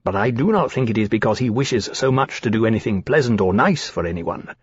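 A man's voice: mid-range voice, animated, breathy edge, no echo. A man voicing an earnest, indignant dragon. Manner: earnest, frank, quick to indignation. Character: large male dragon, earnest and easily indignant. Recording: slightly dull, dry recording.

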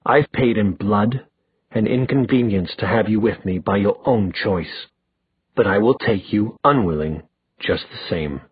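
A man voicing a menacing young male villain who speaks in a quiet, low, taunting voice. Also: measured pace, husky, no room sound. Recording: dry tinny phone-like sound.

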